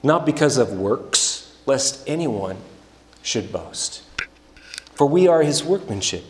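A male preacher delivers his sermon at an unhurried pace, leaning into emphatic, rising stretches. His voice carries through a large room with a long, lingering reverb. The pitch sits at an ordinary middle for a man. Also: animated. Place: church sanctuary. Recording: echoey hall with long reverb.

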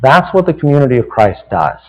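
A man's voice: mid-range voice, very animated, brisk, big-room sound, highs cut off, soft background music. A man with a Southern American accent preaching a sermon as a pastor, in a folksy, conversational way that keeps checking in with "right?".

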